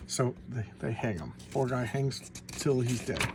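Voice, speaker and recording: A man's voice: mid-range voice, lively intonation, measured pace, darkish tone, a little hiss or hum. A man casually retelling comic book plots as a collector, rambling with frequent stumbles and restarts. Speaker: comic book collector reviewing back issues. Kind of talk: casual spoken comic review.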